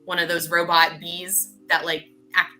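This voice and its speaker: A woman's voice: lowish voice, little pitch movement, measured pace, sharp tone, faint music behind. A woman playing a tabletop game, talking in a rambling, giggly way full of fillers. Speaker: player. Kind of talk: casual tabletop role-play.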